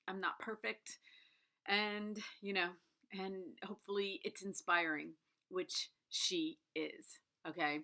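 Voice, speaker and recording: Bright-voiced chatty woman in her fifties. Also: lowish voice, fairly even intonation, a little slow. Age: 50s. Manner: candid and chatty, many "like"s and "right?". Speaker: book review vlogger. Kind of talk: casual chat.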